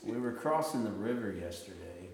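A man leading a casual group discussion, telling a story with lively, halting restarts. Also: on the low side, crowd noise. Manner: animated storytelling, often restarts sentences. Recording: echoey room with long reverb.

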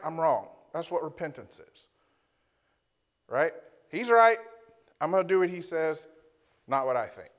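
Male pastor, slightly high voice, teaching sermon, rhetorical asides to the congregation. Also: a bit bright. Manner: teaching, often ends points with a rhetorical "right?"; reads Scripture aloud and defines Hebrew and Greek words. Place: church before a congregation.

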